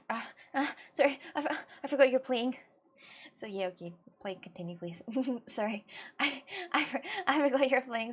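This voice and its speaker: A fairly high-voiced young woman whose first language is Russian chats casually with her live viewers. She laughs often and trips over her words, restarting sentences as she reads the chat. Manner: giggly and scattered, with frequent laughs and restarts. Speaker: livestreamer.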